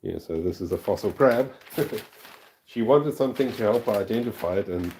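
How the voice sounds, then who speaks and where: The fossil collector from South Africa hosts his channel's livestream, chatting as he packs specimens and laughing at the smallest things. His fairly low, slightly mellow voice has lively intonation at a moderate pace, with slight background noise.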